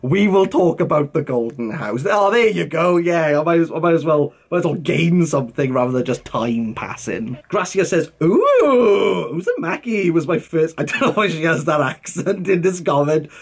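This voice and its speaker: A young man, chatting casually to camera as a book vlogger. He answers viewer comments in an animated way, full of fillers and British slang. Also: on the high side, moderate pace, gravelly, hardly any pauses, slightly rough.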